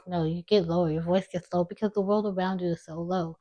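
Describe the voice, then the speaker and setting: Soft-spoken young woman, mumbling low. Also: steady tone, fast talker, dull audio. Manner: low, mumbling speech with a slight lisp. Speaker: vlogger. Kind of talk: casual personal storytelling to camera.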